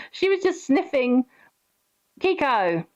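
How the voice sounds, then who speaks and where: A young woman live streaming, chatting casually and gently reassuring her viewers with advice. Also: medium pitch, normal speed. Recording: dull lo-fi stream audio.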